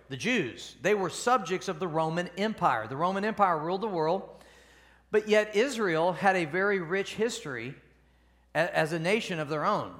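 A pastor preaching a conversational sermon at a church service, often asking the congregation questions. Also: male voice, high voice, a bit bright.

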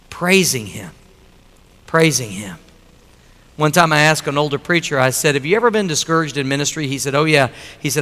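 A man preaches a sermon in a high, bright voice, shifting from relaxed storytelling to loud, forceful appeals. A long, church-hall reverb trails every word.

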